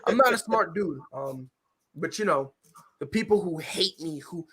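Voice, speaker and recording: Animated, bright-voiced sports talk host man. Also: a little high, moderate pace, slightly rough. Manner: animated, rambling, swears freely. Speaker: show host.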